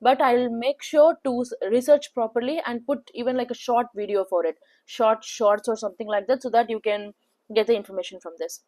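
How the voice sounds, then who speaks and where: Chatty Indian woman tutoring, higher voice. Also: steady tone, brisk, mellow. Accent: Indian English. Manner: chatty, filler-heavy, repeats "okay" often. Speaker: placement test tutor. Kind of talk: casual spoken tutorial.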